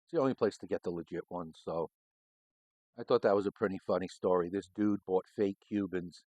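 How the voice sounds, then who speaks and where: Low-voiced profane middle-aged man. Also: fairly quick, mellow, no room sound, rough recording. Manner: profane, rambling and anecdotal. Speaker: cigar show host, former homicide detective. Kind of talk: casual storytelling.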